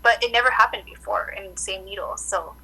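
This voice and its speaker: A woman acupuncturist chatting casually in an interview, telling animated stories full of "like" fillers. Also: medium pitch, a little fast, low-quality recording. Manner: animated storytelling, many "like" fillers. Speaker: acupuncturist guest.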